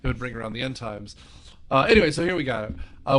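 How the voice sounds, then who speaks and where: A man's voice: mid-range voice, expressive, quick pace, fairly bright tone. A man on a movie podcast panel, animatedly retelling film scenes and giggling as he talks. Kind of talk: casual movie discussion.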